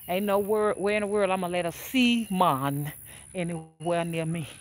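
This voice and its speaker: A woman's voice: on the low side, moderate pace. An older woman talking casually and frankly to her viewers as a spiritual advisor, preachy and full of fillers and restarts. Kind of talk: casual livestream talk.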